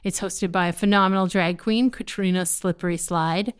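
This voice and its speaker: A woman, a stand-up comedian chatting in an interview in an animated, jokey way. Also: fairly low pitch, normal speed, clear, resonant tone. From Canada. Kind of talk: casual interview storytelling.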